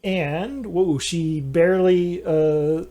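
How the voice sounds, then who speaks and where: A man narrating an online tabletop game as game master, halting and restarting often. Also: a little high, fairly even intonation, warm tone. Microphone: headset or desk mic on voice chat.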